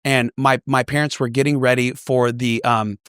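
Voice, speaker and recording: A man's voice: mid-range voice, moderate pace, clear, resonant tone, dry recording, studio quality. A man guesting on a podcast, telling a story in casual chat and acting out the voices of the people he quotes. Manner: animated storyteller who acts out quoted voices.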